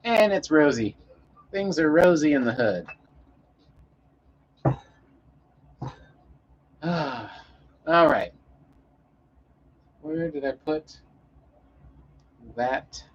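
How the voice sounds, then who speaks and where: A man's voice: mid-range voice, muffled recording, slight background noise. A man chatting casually on a live stream, rambling and swearing in an easygoing way.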